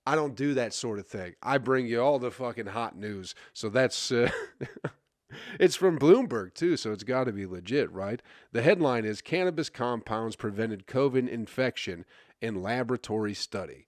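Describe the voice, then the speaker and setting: A man's voice: mid-range voice, expressive, normal speed, no echo, studio quality. A male comedian hosting his own podcast, rambling in a crude, self-mocking casual monologue full of fillers and stumbles. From USA.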